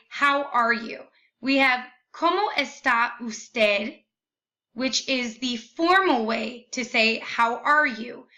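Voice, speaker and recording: A young woman teacher giving a recorded lesson, slowly and carefully modeling each phrase. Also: a little high, bright, forceful tone, highs cut off.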